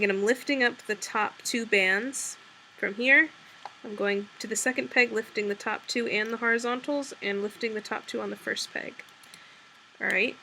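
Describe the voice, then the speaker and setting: Woman craft tutor, mid-pitched and bright, chatty step-by-step instruction. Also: a little hiss or hum, rough recording. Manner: chatty, talks while working with her hands.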